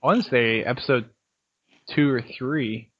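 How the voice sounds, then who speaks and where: A man's voice: medium pitch, moderate pace. A man hosting a podcast interview, asking casual questions and chiming in with short replies. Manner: short prompts and backchannels, laughs along. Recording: dull lo-fi podcast audio.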